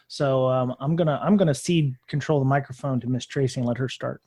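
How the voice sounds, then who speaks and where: A man's voice: medium pitch, quick pace, darkish tone, slightly rough. Rambling male podcast host. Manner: rambling, many fillers and restarts. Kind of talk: casual group podcast chat.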